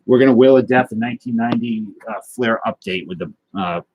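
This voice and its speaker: Talking fast at medium pitch, the host of a trading card and guitar livestream rambles through viewer comments with self-deprecating humor. The audio has its highs cut off and carries a little hiss or hum.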